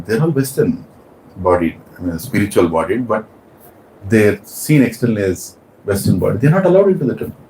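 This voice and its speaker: A man's voice: mid-range voice, a little mellow, slight background noise. A man preaching a sermon, telling stories animatedly with chatty asides. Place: temple hall. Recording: roomy temple hall.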